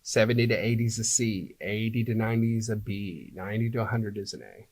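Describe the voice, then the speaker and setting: A man's voice: on the low side, fast talker, a little mellow, dry recording. Teacherly man explaining, dry sound. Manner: teacherly, checks in with "right?" and "okay?". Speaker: apartment locator. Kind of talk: interview guest explaining.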